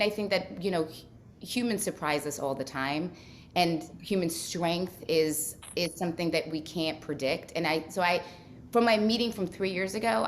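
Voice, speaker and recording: Earnest, lower-voiced woman in conversation. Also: a little hiss or hum. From Ukraine. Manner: earnest, talks in long run-on thoughts. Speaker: interview guest. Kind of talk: casual conversational interview.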